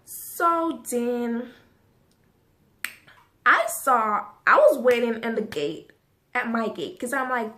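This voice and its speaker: Profane, animated woman telling a story. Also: on the high side, takes it slowly, long pauses. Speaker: vlogger. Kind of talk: casual story time.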